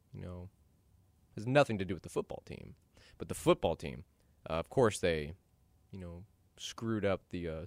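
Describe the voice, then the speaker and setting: A young man from Dallas hosting a podcast, ranting opinionated commentary and getting worked up as he talks. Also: no room sound. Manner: animated, ranting, jumps in pitch when worked up. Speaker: podcast host.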